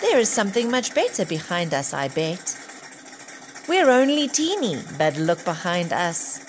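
A woman's voice: on the low side, sing-song, measured pace, slight background noise. A woman voicing a nervous car driver in a storybook, pleading in a raised voice. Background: music.

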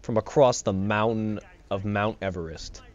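A man's voice: on the low side, moderate pace, darkish tone. A young man hosting a let's play, giving rambling, jokey commentary and laughing often. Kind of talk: casual gameplay commentary. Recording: slightly dull home mic with game music.

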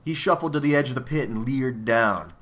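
A man reads a children's novel aloud, telling the story with lively expression. His voice is bright and forward, and his pitch sits in a typical male range. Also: a little fast. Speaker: reader.

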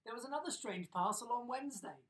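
A middle-aged man reading a children's bedtime story on a live stream, animated, with chuckling asides. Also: extremely high pitch, fast, distant mic, low-quality recording. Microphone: phone or laptop on a live video stream.

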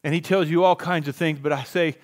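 A middle-aged male pastor preaching a sermon in a church, swinging from hushed to loud. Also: on the high side, steady tone, a little fast. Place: church sanctuary.

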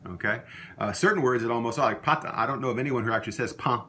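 Man teaching words slowly. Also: medium pitch, sharp tone, a little hiss or hum. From Louisiana. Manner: repeats words slowly for learners to copy. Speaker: language teacher. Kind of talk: recorded language lesson.

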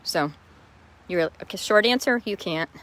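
A woman's voice: medium pitch, lively intonation, moderate pace, a bit bright. A woman hosting a casual live stream from her chicken yard outdoors, greeting viewers by name and answering their questions. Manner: chatty, reads out viewer names and answers questions. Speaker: host.

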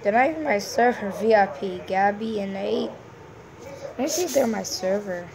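A woman giving casual, excitable gameplay commentary, full of playful hums and sing-song noises. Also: mid-range voice, moderate pace, creaky, a crowd in the background. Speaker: gameplay streamer.

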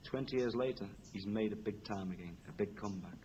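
A man telling a dark comic story on an old television show, switching voices for each character. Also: fairly low pitch, a little fast, dull audio, slight background noise. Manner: animated, shifts voices between characters. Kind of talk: stand-up style storytelling.

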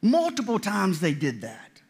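High-pitched and creaky, with a darkish, slightly rough tone, a man delivers a sermon at a measured pace while his pitch swoops wildly. He preaches conversationally, often starting sentences over and voicing the lines of God and people.

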